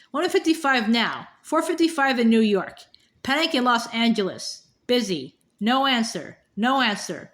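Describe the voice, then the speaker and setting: A woman's voice: fairly high pitch, lively intonation, a little slow, a bit bright. A woman reading a first-person book passage aloud, sighing now and then and stumbling over words. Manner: unpolished reading with sighs and small stumbles. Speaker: reader.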